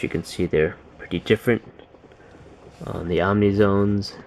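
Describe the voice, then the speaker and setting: A man's voice: deep voice, a little hiss or hum. A man giving a casual sneaker review at home, thinking aloud with lots of uh and um. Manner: relaxed, thinking aloud with many fillers.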